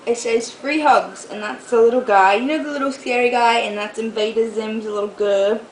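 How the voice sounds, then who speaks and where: Young woman, vlog rant, high voice, chatty, swearing, camera mic, faint background noise. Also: moderate pace, rough recording. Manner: chatty, swearing, animated storytelling. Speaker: vlogger.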